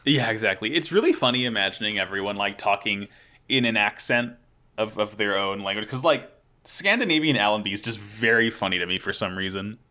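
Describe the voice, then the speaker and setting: A man's voice: lowish voice, fairly quick. A man co-hosting a podcast, recapping an anime with enthusiasm and frequent laughter. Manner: enthusiastic, animated, laughs often. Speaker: podcast co-host. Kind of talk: casual chat recapping an anime.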